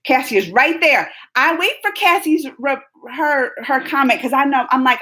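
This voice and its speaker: High-voiced, playful woman vlogger. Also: normal speed. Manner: animated and playful, laughs often. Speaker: video host reading live comments. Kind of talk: casual live-chat vlog.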